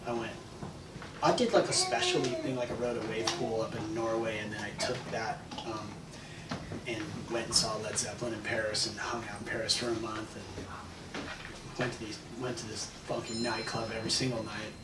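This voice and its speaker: A man's voice: lowish voice, little pitch movement, brisk. A man in his fifties with a Californian accent, telling rambling travel stories in a casual interview, often laughing. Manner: laid-back, rambling, laughs often, acts out voices in anecdotes. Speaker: interview guest, former pro surfer. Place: large echoey room at a live event. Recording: distant mic, roomy echo, noisy ambience.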